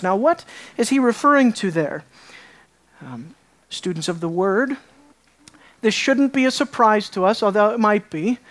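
A woman preaching as a Bible teacher, emphatic, asking the listeners rhetorical questions and repeating words for stress. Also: medium pitch. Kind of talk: sermon-style Bible teaching.

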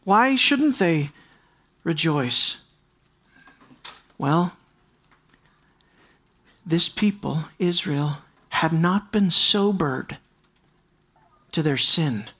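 An earnest preacher with a medium-pitched, fairly bright voice works through scripture verse by verse in an expository sermon. His intonation is lively, with drawn-out words and long pauses. He speaks emphatically, saying key lines twice for weight and aiming frequent rhetorical questions straight at his listeners.

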